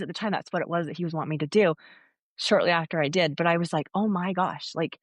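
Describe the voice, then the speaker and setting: Middle-aged woman telling a lively story. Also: lowish voice, quick pace, no echo. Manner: animated storyteller, acts out quotes. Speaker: guest, foot zoner. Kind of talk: casual storytelling interview.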